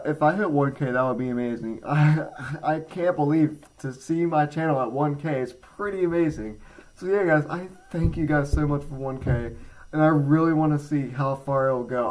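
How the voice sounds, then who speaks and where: A fairly high-pitched male voice comes through on a rough recording. It's a teenage gaming channel creator in a casual headphone review vlog, rambling with plenty of fillers and jokes about himself.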